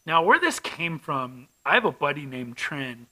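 A man's voice: a little high, big pitch swings, measured pace, bright, forceful tone, poor audio. A man hosting his own podcast alone, talking in a rambling, chatty way full of asides and jokes. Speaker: podcast host. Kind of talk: casual solo podcast chat.

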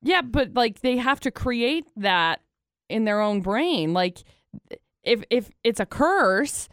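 A woman co-hosting a radio show, teasing and quick with comebacks in casual chat. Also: fairly high pitch, sing-song, fairly bright tone, dry recording, studio quality. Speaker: radio co-host. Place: radio studio. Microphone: close studio mic.

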